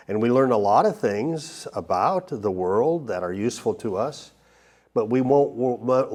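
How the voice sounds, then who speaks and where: Man teaching a halting Bible lesson. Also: medium pitch, a little mellow. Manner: halting, many restarts and fillers.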